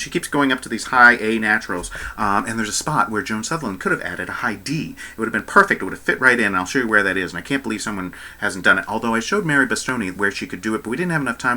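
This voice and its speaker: A baritone singer talking through an opera recording in a casual, enthusiastic way, with plenty of ums and uhs. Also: male voice, sharp tone, a little hiss or hum. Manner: chatty and enthusiastic, many fillers. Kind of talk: casual commentary on an opera aria.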